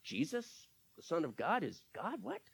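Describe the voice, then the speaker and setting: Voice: mid-range voice, wildly swooping pitch, a little slow, gravelly, husky. A pastor preaching a sermon, working through scripture verse by verse and asking the listeners rhetorical questions.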